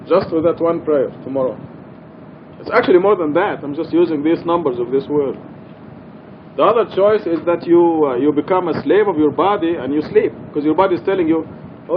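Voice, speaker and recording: A man's voice: a little high, lo-fi sound, slight background noise. A man teaching a religious study class in a mosque, speaking earnestly and repeating his key points for emphasis.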